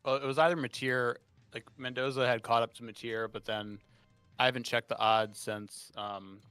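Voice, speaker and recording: A man co-hosting a podcast in casual chat, playful and quick to laugh. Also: mid-range voice, steady tone, fairly bright tone, smooth, no room sound, faint music behind. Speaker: podcast co-host.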